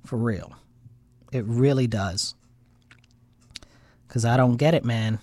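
American male livestream host, frustrated rambler, dry close sound, mid-pitched. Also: slow pace, warm tone, dry recording. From United States. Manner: frustrated, rambling, swings into heated outbursts. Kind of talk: casual political livestream rant.

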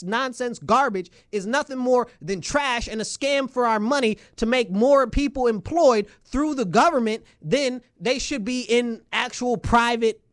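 A man's voice: extremely high pitch, a bit bright. A man from New York State delivering an agitated political rant, emphatic and repetitive with many rhetorical questions. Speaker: local political commentator.

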